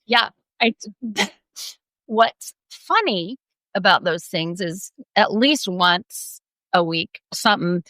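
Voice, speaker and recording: A middle-aged woman co-hosts a podcast, telling stories in casual chat, laughing often and acting out quotes with animation. Her mid-range voice is slow, and the recording is dry and of poor quality.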